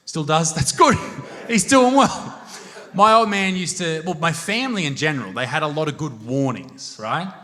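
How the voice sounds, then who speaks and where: A man's voice: on the high side, lively intonation, normal speed, pushed and bright. A young Australian man doing a crude, swear-filled stand-up set on a comedy stage, telling stories to a live crowd. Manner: crude, swearing, brash storytelling.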